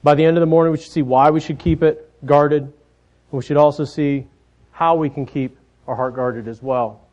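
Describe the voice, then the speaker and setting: A man in his thirties preaching a sermon, telling family stories in a folksy way, often dropping softer at the ends of his phrases. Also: a little high, steady tone, normal speed. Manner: folksy storytelling, trailing off softly at phrase ends. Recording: dull lo-fi sound.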